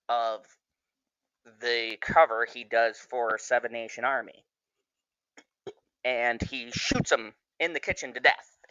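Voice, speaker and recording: Bright-voiced man reviewing a TV show. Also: mid-range voice, clear, resonant tone, no room sound, lo-fi sound. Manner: casual and profane, laughs often. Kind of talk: casual spoiler review.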